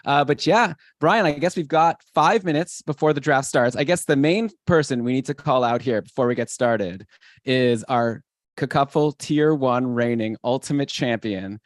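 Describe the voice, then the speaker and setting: A man hosting a fantasy hockey podcast, chatty and excitable, with energetic shouted openers. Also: medium pitch, normal speed, no room sound, studio quality. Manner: hyped, energetic show opener. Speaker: podcast host. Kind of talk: casual podcast chat.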